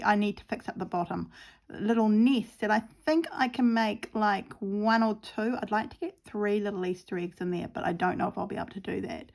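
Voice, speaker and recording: A woman's voice: medium pitch, gravelly, darkish tone. A woman chatting casually while crafting at home, rambling and giggly with plenty of fillers. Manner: rambling, giggly and self-deprecating, lots of fillers. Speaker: craft channel host.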